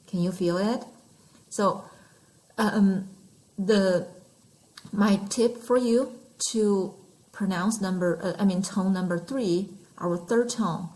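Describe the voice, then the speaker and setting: A Mandarin teacher with a mid-range, slightly mellow voice patiently teaches numbers and tones in an online lesson, saying each sound aloud to demonstrate. The audio quality is poor.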